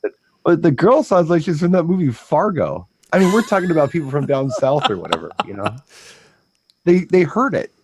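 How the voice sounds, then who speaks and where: A man who works as a DJ chats casually in a slightly rough, somewhat high voice, very animated, with no room sound. He rambles, repeats words, drifts into stories, and breaks into quick impressions.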